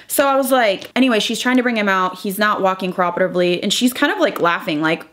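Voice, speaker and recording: A woman's voice: mid-range voice, animated, fast talker, few pauses, fairly bright tone. Woman telling a sad story. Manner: emotional storytelling full of "like" and quoted dialogue. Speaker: beauty vlogger. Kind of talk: personal life update while doing makeup.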